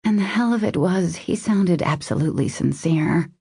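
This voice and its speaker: Low, gravelly woman narrating. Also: normal speed, warm tone, dry recording, clean studio sound. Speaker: audiobook narrator. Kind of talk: scripted romance narration.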